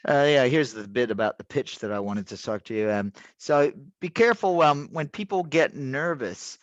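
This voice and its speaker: A man's voice: medium pitch, animated, moderate pace, no echo. A man teaching an online class in a rambling, casual way, full of restarts and fillers. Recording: dull, dry lo-fi audio.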